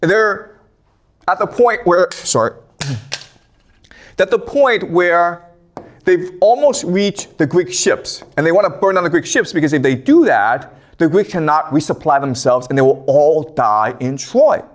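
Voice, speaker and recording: A man's voice: a little high, expressive, measured pace. Guy teaching, chatty, keeps saying okay, voice jumps up and down a lot. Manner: conversational, tags lines with "okay?". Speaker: lecturer. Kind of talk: casual storytelling lecture.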